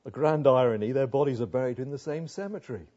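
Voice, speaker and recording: A man's voice: medium pitch, quick pace, mellow, muffled recording. An older man preaching a sermon as pastor, earnest, often asking rhetorical tag questions.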